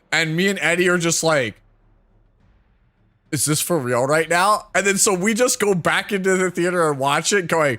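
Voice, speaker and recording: A man in his thirties streams and talks casually to his chat, his bright voice wandering from one aside to the next and full of filler words. Faint music plays underneath, and he laughs often. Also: a little high.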